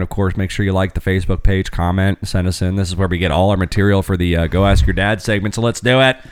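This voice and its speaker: A man's voice: on the low side, clean tone, no echo, clean studio sound. A man hosting a casual podcast, reading listener emails in a laid-back way. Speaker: podcast host.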